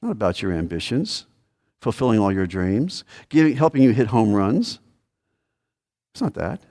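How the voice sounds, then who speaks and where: A man's voice: on the low side, sing-song, normal speed, warm tone. A man preaching a sermon as a pastor, earnest and repetitive, rising to sudden emphatic peaks. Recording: long hall reverb.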